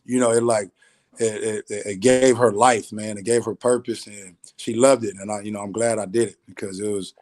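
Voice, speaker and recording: Animated man telling a story. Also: fairly low pitch, normal speed. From California. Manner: animated, acts out quotes, many "you know" fillers. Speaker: podcast guest, former college football player. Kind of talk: casual storytelling.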